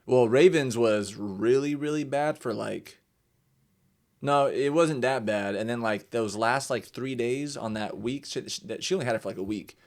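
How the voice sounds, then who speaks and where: A young man hosting a podcast in casual chat, animated and swearing freely, acting out quotes in raised voices. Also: mid-range voice, normal speed. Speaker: podcast host.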